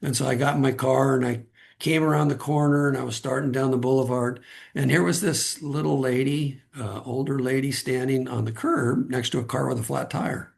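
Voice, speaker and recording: A man's voice: medium pitch, fairly even intonation, moderate pace, gravelly. A man from Southern California, a podcast guest telling earnest, rambling personal stories full of asides. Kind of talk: personal storytelling.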